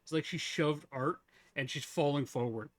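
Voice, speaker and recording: A man's voice: a little high, moderate pace, dry recording. Chatty, teasing male game streamer. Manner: chatty, teasing, laughs often. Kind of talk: casual live-stream chat.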